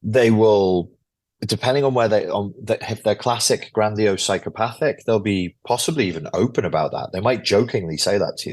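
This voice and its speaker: Low-voiced blunt man explaining at length. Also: brisk. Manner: blunt, swears freely, lecture-like. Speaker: guest author and YouTuber. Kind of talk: explanatory interview talk.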